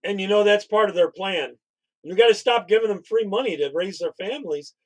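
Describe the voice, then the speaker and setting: A man's voice: high voice, lively intonation, a little fast, low-quality recording. A man co-hosting a casual political commentary stream, talking in a blunt, opinionated, conversational way.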